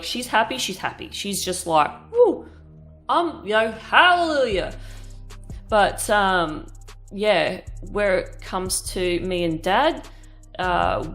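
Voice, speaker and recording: A woman in her thirties chatting candidly while she paints, rambling and swearing casually. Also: fairly low pitch. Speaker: art vlogger.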